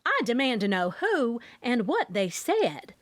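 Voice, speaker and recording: Woman doing a high, slow, excitable nosy mom, loud and demanding, storybook reading. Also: dry recording. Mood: bossy. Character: excitable nosy middle-aged Southern mother.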